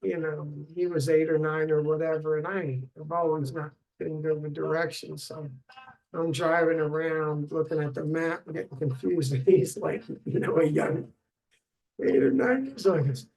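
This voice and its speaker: A man's voice: a little high, normal speed, vocal fry, darkish tone, low-quality recording. A middle-aged man and father rambling through a personal video diary, meandering with many fillers and restarts. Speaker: father recording a video log.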